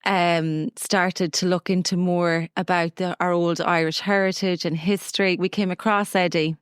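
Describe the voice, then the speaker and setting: Female podcast host, smooth voice, dry close sound, brief encouraging prompts. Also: on the low side, flat delivery, normal speed, dry recording. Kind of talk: conversational interview.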